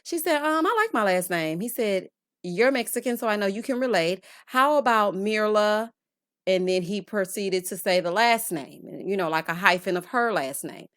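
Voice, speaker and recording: A woman's voice: mid-range voice, moderate pace, fairly bright tone, dry recording, studio quality. A woman hosting a casual reality TV recap, sassy and chatty, calling viewers honey and child.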